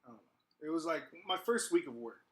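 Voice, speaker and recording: A man's voice: a little high, expressive, fairly quick. A young man from Texas, a podcast co-host, telling a story casually with lots of fillers and restarts. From Texas, USA.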